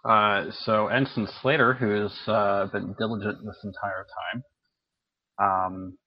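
A man's voice: lowish voice, level tone, measured pace, dry recording. A man hesitantly narrating actions in a tabletop game. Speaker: player. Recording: dull lo-fi sound.

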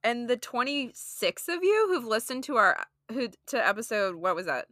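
A young woman co-hosting a podcast with a teasing, laugh-prone manner. Her voice is bright, sits a little high and swings widely in pitch, recorded dry and close. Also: sing-song, moderate pace, no room sound. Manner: teasing, laughs a lot, swears casually. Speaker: podcast co-host. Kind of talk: casual podcast banter.

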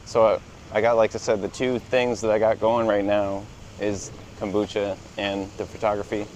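Guest, man, low voice, relaxed and halting, outdoor walk with faint street hum. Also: rough recording. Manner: easygoing, laughs often, hesitant restarts. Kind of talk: casual walk-and-talk chat.

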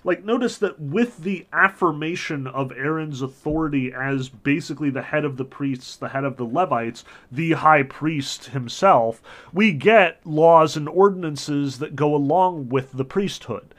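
Speaking at a measured pace in a fairly high, bit bright voice, a male professor lectures casually. He fills his speech with "um" and "like" and often fixes his phrasing partway through.

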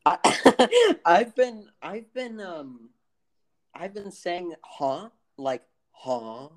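Stammering young man with a lively voice. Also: sits high, very slow. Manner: hesitant, stammering, laughs easily. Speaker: podcast co-host. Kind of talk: casual joking chat.

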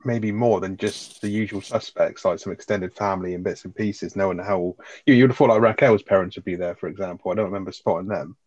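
Fast-talking man, swearing freely. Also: deep voice, fairly even intonation, darkish tone, no echo, dull audio. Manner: swears freely, retells scenes in quick asides. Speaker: podcast co-host. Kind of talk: casual chat reviewing a sitcom episode.

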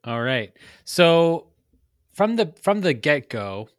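A man's voice: a little high, sing-song, slow pace, dry recording. A man co-hosting a casual movie review chat, musing aloud with dry humor. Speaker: podcast co-host.

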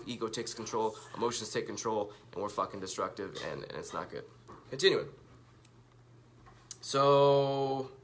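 A man's voice: mid-range voice, pushed and bright. A man telling a casual, profane, self-mocking story to the camera while reading out tweets. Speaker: vlogger.

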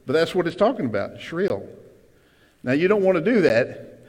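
A man preaching a sermon to his congregation as pastor, emphatic, with sudden loud cries and asides to the room. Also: a little high, big pitch swings, moderate pace. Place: church sanctuary. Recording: long hall reverb.

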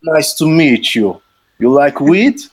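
Here is a strange, silent traveller , as a man puts him on in a storytelling podcast. He talks in flat, slow, broken English, a little higher than the teller's own voice, and calls himself by his own name. He stays calm and never hurries. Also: breathy edge, no echo, full character voice. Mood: blunt. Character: odd quiet male stranger on a train, broken English, unsettlingly calm.

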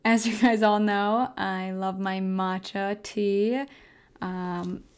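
Young woman podcasting from home, rambly and giggly, smooth clear voice. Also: mid-range voice, flat delivery, takes it slowly. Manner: chatty, rambling, laughs often, many fillers. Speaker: podcast host. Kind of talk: casual solo health chat. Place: house, indoors.

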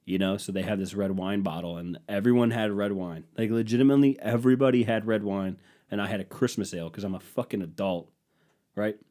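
Profane ranting man, lowish voice. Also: fairly quick, warm tone. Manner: profane, sarcastic, ranting storyteller. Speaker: podcast host. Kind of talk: solo podcast rant.

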